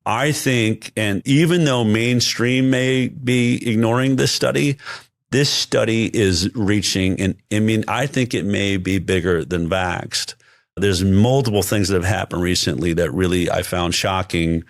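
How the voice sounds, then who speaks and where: A man's voice: on the low side, unhurried, dry recording, studio quality. A man speaking as an interview guest in casual conversation, emphatic and often restarting his sentences.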